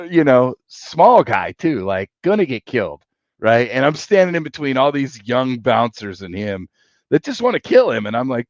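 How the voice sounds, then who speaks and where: A man's voice: mid-range voice, normal speed, no room sound, muffled recording. A middle-aged man hosting a casual chat, telling long rambling stories full of swearing. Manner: rambling, profane, animated storyteller. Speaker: podcast host.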